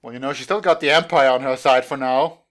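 A man's voice: mid-range voice, steady tone, quick pace, fairly bright tone. A young man in casual reaction commentary who laughs often and makes light teasing remarks. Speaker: anime reaction host.

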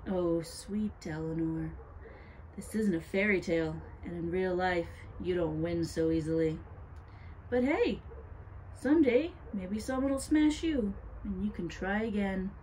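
A woman's voice: expressive, unhurried, darkish tone, slight background noise. A woman voicing a gleeful, cruel witch in a sugary, mocking tone. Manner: sugary, mocking, pitched up high.

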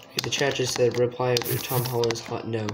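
A man's voice: mid-range voice, flat delivery, brisk, music in the background. A man giving live gameplay commentary as he plays, frustrated, self-mocking and swearing a lot. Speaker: gamer streamer. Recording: echoey room with background noise and keyboard clicks.

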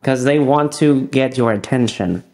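A man's voice: mid-range voice, a little slow, warm tone. Man, broken simple phrasing, podcast host, casual chat. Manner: simple, broken English with frequent yeahs.

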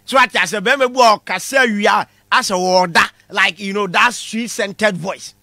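Ghanaian male comic lecturer, very high and sharp tone, animated, punchy delivery. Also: moderate pace, no room sound. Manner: animated, shouting punchlines, mixing Twi with English. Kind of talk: comedy class monologue.

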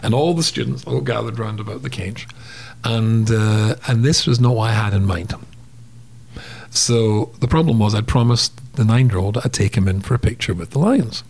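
A man's voice: lowish voice, normal speed, vocal fry, a little mellow. A man telling a story as a guest on a casual interview podcast, acting out sounds and voices as he goes.

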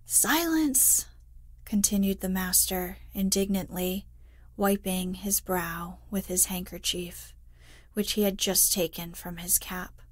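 A woman reading a classic novel aloud as a soothing bedtime story, softly and hushed, sometimes sinking to a whisper, close to the mic. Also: fairly low pitch, level tone, unhurried, dry recording. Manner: soft, hushed, drifting into whispers. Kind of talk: slow, soothing sleep-story narration.

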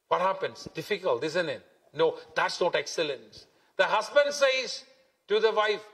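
A man's voice: high-pitched, expressive, unhurried, a bit bright. A man preaching a sermon as pastor, emphatic and repetitive, stretching key words. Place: church hall. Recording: long hall reverb.

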